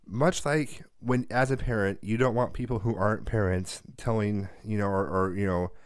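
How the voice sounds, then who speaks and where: A man with a fairly low voice rants and swears his way through a casual podcast chat. The recording is dry and close, with no room sound at all. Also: fairly even intonation, moderate pace, no room sound. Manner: profane, ranting. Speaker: podcast co-host.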